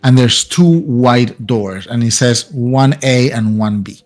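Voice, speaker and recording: A man's voice: medium pitch, slow, a little mellow. Hesitant man narrating a tabletop game. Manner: hesitant, many fillers and restarts. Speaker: game master.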